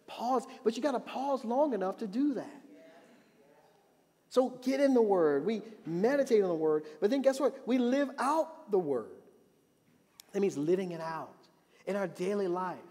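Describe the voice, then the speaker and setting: High-voiced preaching man in a hall. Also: moderate pace. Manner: animated preaching, rising to emphatic repeated refrains. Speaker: pastor. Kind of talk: sermon. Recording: long reverb of a hall.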